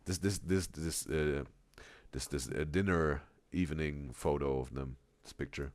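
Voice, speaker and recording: A man's voice: very deep voice, steady tone, a little slow, no echo. A man hosting a casual live-stream reaction, reading chat aloud and rambling with repeated words.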